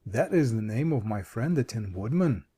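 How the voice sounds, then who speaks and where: A man's voice: on the low side, lively intonation, normal speed, mellow, slightly rough. Man doing a thoughtful, kindly scarecrow king. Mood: reflective. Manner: thoughtful, reflective, fatherly. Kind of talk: audiobook character voice.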